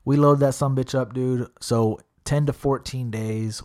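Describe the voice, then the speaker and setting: A man's voice: medium pitch, steady tone, a little slow, hardly any pauses, darkish tone. A young man chatting casually, rambling through a story and saying "dude" a lot. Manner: rambling, laid-back, says "dude" a lot. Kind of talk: casual chat.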